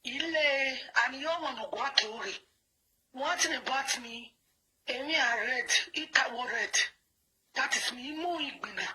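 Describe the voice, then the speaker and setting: A woman's voice: high-pitched, normal speed, bright, forceful tone, husky, poor audio. A woman with a Nigerian accent, calling in angry and insistent, pressing her points hard with repeated words. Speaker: caller. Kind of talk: heated phone call.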